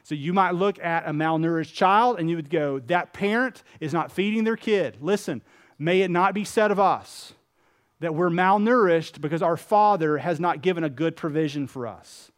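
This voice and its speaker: A man with a high voice preaches a sermon to his congregation. He is earnest and emphatic and slips into stories, voicing the people in them. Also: moderate pace. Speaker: pastor.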